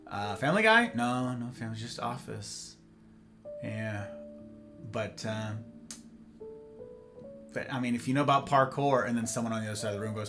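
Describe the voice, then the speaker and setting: A man's voice: mid-range voice, animated, normal speed, pauses often, a bit bright. A man hosting a casual livestream, rambling animatedly to his viewers and acting out little snippets of conversation. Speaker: livestream host. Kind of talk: casual chat with live viewers. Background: faint guitar music.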